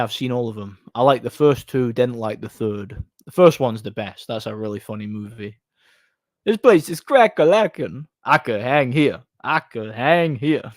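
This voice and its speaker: A man's voice: mid-range voice, no echo, clean studio sound. A man streaming live, chatting casually and answering chat in a rambling way, laughing often.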